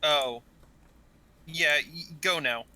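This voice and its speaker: A man with a very bright, sharp voice runs an online tabletop game. He gives short rulings and drops dry jokes between turns. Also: fairly high pitch, drawn-out words. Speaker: game master.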